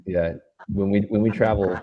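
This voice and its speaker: A young man from Los Angeles, a band member being interviewed, telling tour stories in a casual, animated way and acting out quotes. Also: on the low side, normal speed, highs cut off, over a noisy crowd. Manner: animated storyteller, acts out quotes.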